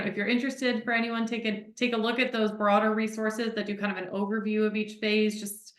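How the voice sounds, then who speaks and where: Vrouw in een galmende kamer. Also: female voice, mid-range voice, a bit bright, reverberant. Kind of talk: webinar explanation.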